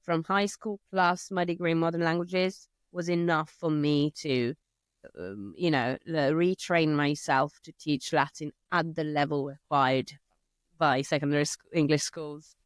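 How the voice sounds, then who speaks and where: A woman with an Italian accent, a language teacher, chatting in an interview and telling stories lively, acting out her children's voices. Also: sits low, a little slow, no echo, clean studio sound. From Italy. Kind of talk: casual conversation.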